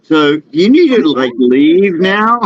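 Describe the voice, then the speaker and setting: A man's voice: on the high side, very animated, slow pace, no echo, dull audio. A man chatting casually, joking along and rambling through his own stories. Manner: joking, eager listener, rambling. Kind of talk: casual chat.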